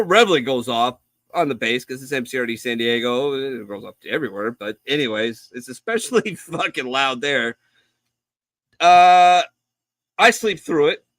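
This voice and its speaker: A middle-aged man with a bright, forceful voice tells a long, profane anecdote in a rambling way, jumping into the voices of the people in it. The sound is dry and close, with no room echo. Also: on the high side. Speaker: podcast co-host. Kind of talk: casual storytelling on a live show.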